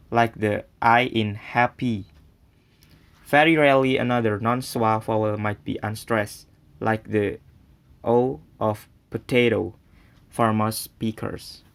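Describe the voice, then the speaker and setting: A young man, a native Indonesian speaker, reading a class presentation aloud in a steady, careful way. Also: mid-range voice, creaky. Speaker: student presenter.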